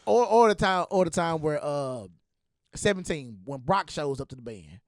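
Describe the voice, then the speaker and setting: A young man hosting a podcast, telling stories in a casual, animated way and acting out the voices of the people he quotes. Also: on the high side, moderate pace, dry recording, clean studio sound. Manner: animated, acts out quoted voices, laughs often. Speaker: podcast host. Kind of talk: casual storytelling chat.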